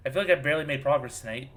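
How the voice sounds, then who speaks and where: A man streaming a video game, thinking out loud in a chatty, self-mocking way. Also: fairly high pitch. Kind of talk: casual let's-play commentary. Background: game music.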